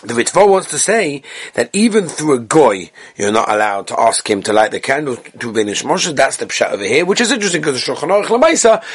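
A man's voice: mid-range voice, very animated, a little fast, husky. A man teaching a daily Talmud class, explaining the text with frequent restarts.

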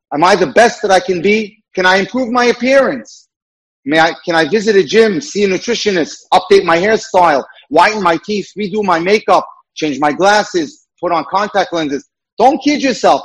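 A man's voice: high voice, slightly rough, rough recording. A man working as a dating mentor, giving an earnest lecture full of rhetorical questions.

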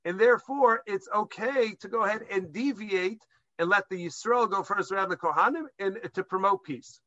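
A man's voice: high voice, moderate pace, bright, forceful tone, no echo, lo-fi sound. A man giving a Jewish law lesson to a class, explaining step by step and mixing Hebrew terms into English, with some hesitant restarts. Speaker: rabbinic lecturer.

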